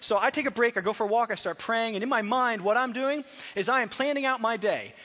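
A male pastor preaching a sermon in a conversational way, moving between soft, reflective passages and emphatic exhortation, in a large church hall. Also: very high-pitched, fast talker. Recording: phone-like sound in a hall with long reverb.

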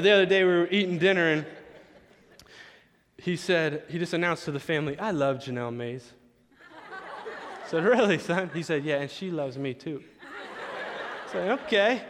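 A man preaching a sermon, telling chatty stories about his young son and acting out the dialogue. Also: a little high. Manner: storytelling, chatty, acts out dialogue. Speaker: pastor. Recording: long hall reverb.

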